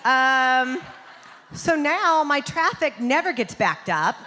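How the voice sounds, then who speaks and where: A woman performs stand-up on a theater stage, talking to the crowd in a chatty, punchy way. Her voice is bright and fairly high. Her mic sound carries a long reverb from the hall. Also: sing-song, slow, slight background noise. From Southern United States. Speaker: stand-up comedian. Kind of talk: stand-up comedy set.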